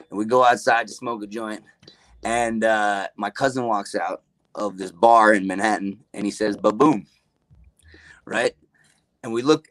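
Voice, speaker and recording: A man's voice: lowish voice, fairly bright tone, dry recording. A man, a guest on a podcast, telling stories in a loose, profane way and saying "dude" a lot. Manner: laid-back, profane, says "dude" a lot. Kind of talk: casual storytelling.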